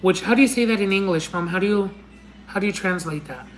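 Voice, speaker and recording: A young woman chats on her livestream in a mid-range voice, her Spanish roots showing. She speaks to fans with affectionate pet names, rambling with restarts and quick laughs. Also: medium pitch, poor audio. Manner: affectionate, calls viewers honey and my love. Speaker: livestream host. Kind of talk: casual livestream chat.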